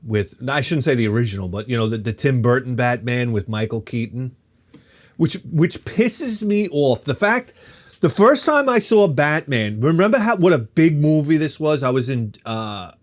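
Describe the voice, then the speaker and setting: A man in his fifties telling a rambling comic story as a vlogger, animated and quick to swear, jumping from one tangent to the next. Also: mid-range voice. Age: 50s. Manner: animated, swears freely, jumps between tangents.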